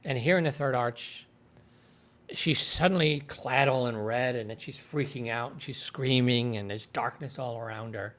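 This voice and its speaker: A man's voice: medium pitch, moderate pace, fairly bright tone. A man hosting a livestream, casually retelling a TV episode in a rambling way and quoting the characters. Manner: rambling retelling with quoted voices. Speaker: show reviewer.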